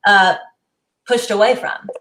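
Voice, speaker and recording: A woman's voice: mid-range voice, steady tone, takes it slowly, a bit bright, slight background noise. Earnest woman boxer in an echoey room. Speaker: guest boxer. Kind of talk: casual storytelling. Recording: roomy echo.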